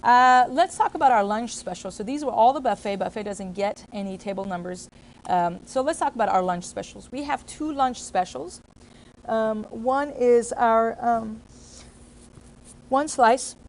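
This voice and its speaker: This trainer, a woman with a fairly high voice, speaks to restaurant staff over a faint hiss or hum. She explains how things are done, leaning on fillers and frequently correcting herself.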